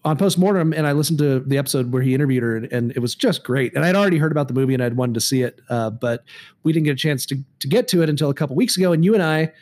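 A man chats casually as a podcast co-host, his voice sitting a little high for a man. He rambles, backs up and restarts his sentences, and fills the gaps with ums and uhs. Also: very fast, a little mellow. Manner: rambling, many fillers and restarts. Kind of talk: casual chat about horror movies.

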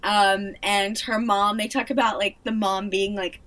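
A woman co-hosting a casual podcast, chatty and expressive, full of fillers. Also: medium pitch, measured pace, far from the mic. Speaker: podcast co-host.

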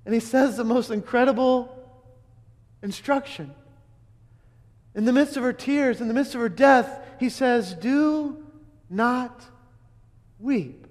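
A man preaching a dramatic sermon, telling it in first person as an eyewitness, earnest, with restarts and emphatic repeats. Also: extremely high pitch. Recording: long hall reverb.

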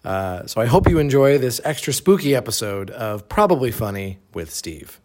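A man hosting a casual comedy podcast, jokey and animated, swearing freely. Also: mid-range voice, normal speed. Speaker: podcast host. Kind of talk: casual chat.

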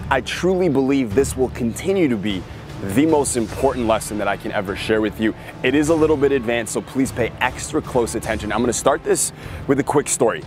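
A man hosting a podcast, giving an emphatic motivational marketing talk and acting out characters as he tells stories. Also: medium pitch. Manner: emphatic storytelling, acts out characters. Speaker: podcast host.

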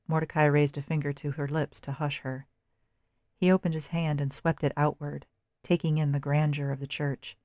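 A narrator reading a dark story in a steady, measured way. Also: medium pitch, no echo, clean studio sound.

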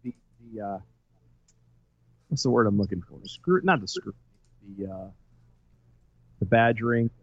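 A man co-hosting a casual political chat, rambling and ranting as he searches for his words. His pitch swings widely. The recording is dull, lo-fi and dry. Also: expressive, unhurried, pauses often, no room sound. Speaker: co-host.

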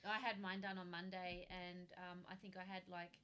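A woman chatting casually, telling an animated anecdote with casual swearing. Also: on the low side, normal speed, slight background noise. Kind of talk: casual chat.

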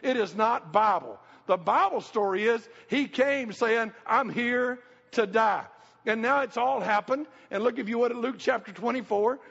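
A man's voice: very high-pitched, normal speed, gravelly, few pauses, fairly bright tone, husky. A middle-aged man preaching a sermon, folksy and emphatic, repeating his key phrases. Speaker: pastor. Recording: reverberant church hall, dull lo-fi sound.

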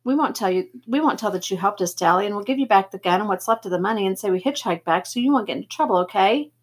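A woman voicing a quiet, sensitive teenage boy who is scared but earnest, in a storybook reading. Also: medium pitch, animated, quick pace, breathy edge.

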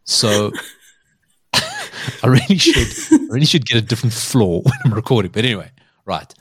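A man's voice: medium pitch, wildly swooping pitch, normal speed, fairly bright tone, husky, no echo, clean studio sound. A man hosting a podcast, telling a story in a chatty way and laughing often. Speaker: podcast host. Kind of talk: casual chat.

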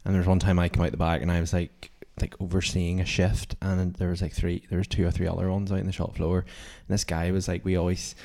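A man's voice: sits low, little pitch movement, fast talker, vocal fry, few pauses, mellow. A young man telling a story in casual chat, rambling with many filler words.

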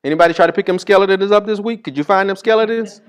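A male pastor preaching a sermon in a casual, call-and-response style, reading scripture slowly and swinging from loud bursts to hushed asides. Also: sits high, clean tone.

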